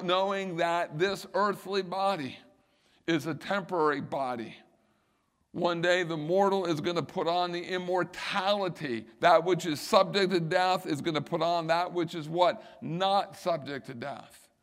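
A man's voice: sits high, a little slow, fairly bright tone. A middle-aged male pastor preaching a sermon, building emphasis and repeating key phrases.

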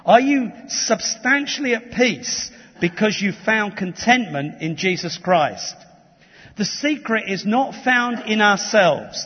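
A man's voice: sits high, husky, in a large hall, lo-fi sound. A man from England preaching a sermon, earnest and emphatic, with restarts and asides. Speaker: pastor. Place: church hall.

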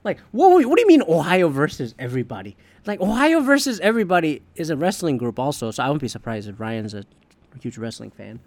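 Animated, profane man ranting about sports. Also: fairly high pitch, fast talker, no room sound. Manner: profane, heated, opinionated. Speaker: podcast host. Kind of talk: casual sports rant.

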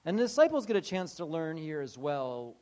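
An animated man preaching in a loose, conversational way. His voice sits a touch higher than most men's, and he often slips into short acted-out voices and trips over restarts. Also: brisk. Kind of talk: sermon.

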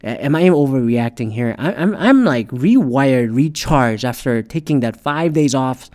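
A middle-aged man hosting a solo podcast, ranting in a profane, animated way and often restarting his sentences. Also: mid-range voice, unhurried. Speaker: podcast host.

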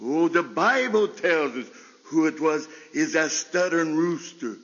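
A man preaching a folksy sermon with a stutter, often laughing and leaping into high bursts. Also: animated, unhurried, a bit bright, long reverb tail, dull audio. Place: chapel service.

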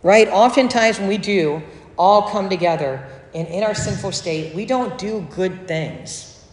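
A pastor delivering a sermon, explaining scripture in a conversational way with joking asides. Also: medium pitch. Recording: echoey hall with long reverb.

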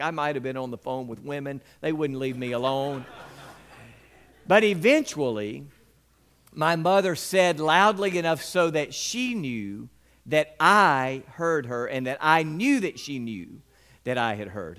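A man from Mississippi, preaching a sermon and telling personal stories with acted-out scenes and sound effects. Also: fairly high pitch. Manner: animated storyteller who acts out scenes with sound effects.

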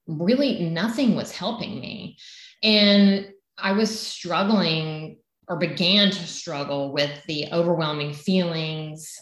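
A middle-aged woman with a Southern American accent, earnestly co-hosting a health podcast and sharing her own story. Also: low voice. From South Carolina. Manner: earnest, emphatic declarations. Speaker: health coach co-host. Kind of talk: podcast introduction and personal story. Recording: echoey room.

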